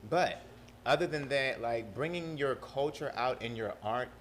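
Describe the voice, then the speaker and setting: A man with a South Carolina Lowcountry accent, talking casually as a podcast guest and switching between proper and Southern speech. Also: measured pace, slight background noise.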